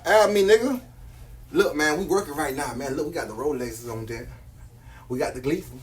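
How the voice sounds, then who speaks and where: A man's voice: fairly high pitch, normal speed, a little hiss or hum. Boastful man hyping on a live stream. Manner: boastful, slangy, repetitive hype. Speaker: live-stream jewelry seller. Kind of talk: casual live-stream hype talk.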